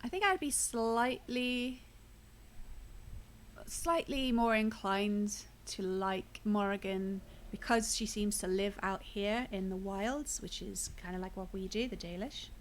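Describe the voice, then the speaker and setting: A woman's voice: mid-range voice, takes it slowly, slight background noise. A woman streamer giving casual, wry commentary while playing a video game. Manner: chatty, wry, self-deprecating asides.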